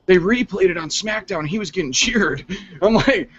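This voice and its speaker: A man's voice: sits high, animated, moderate pace, slightly rough. A man reviewing a wrestling show in casual, profane chat, rambling and laughing often. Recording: dull lo-fi recording.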